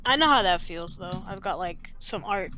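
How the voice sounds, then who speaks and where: A woman's voice: fairly low pitch, expressive, normal speed, sharp tone. A woman guest chatting casually on a stream, playful and teasing, calling in from her phone. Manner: playful teasing, laughs often. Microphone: phone, on mobile.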